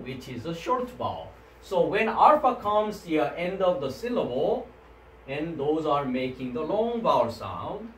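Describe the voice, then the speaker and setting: A man with a Korean accent teaching a Greek language class in non-native English, checking with students by asking "right?". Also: fairly high pitch. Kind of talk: classroom lecture. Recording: echoey room, mic at a distance, faint background noise.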